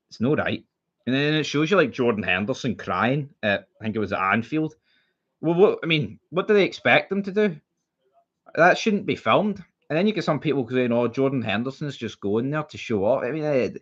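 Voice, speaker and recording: A man's voice: mid-range voice, fairly bright tone, dull audio. A young Scottish man streaming about football, talking bluntly and heatedly, swearing freely and repeating himself as he rants. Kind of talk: casual live-stream chat.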